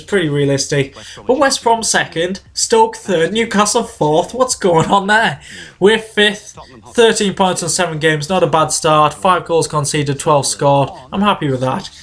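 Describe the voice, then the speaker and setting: A man hosting a gaming video, giving chatty play-by-play of his own match and breaking into excited shouts when goals go in. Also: fairly high pitch. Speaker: gaming channel host. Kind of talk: video game commentary.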